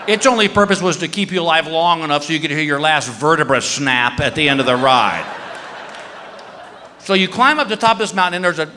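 A middle-aged male comedian tells a story on stage in an animated way, his voice swooping high and low as he acts out the people in it. His tone is bright and his pitch sits high. The sound carries a long hall reverb and a faint room hum. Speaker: stand-up comedian. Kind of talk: stand-up storytelling. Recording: live hall recording with faint room ambience.

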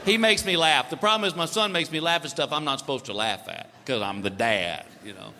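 A man performing a stand-up comedy routine, telling animated family stories and acting out his son and wife. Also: on the high side, fairly quick, a crowd in the background. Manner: animated storytelling, acts out family members. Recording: live hall recording with loud background noise.

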